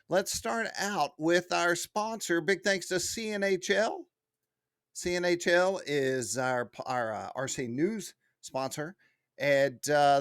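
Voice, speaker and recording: A man's voice: a little high, a bit bright, no room sound, clean studio sound. Chatty man hosting RC hobby news. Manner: chatty, enthusiastic, with frequent fillers. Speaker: host of a weekly RC news show. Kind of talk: casual news roundup.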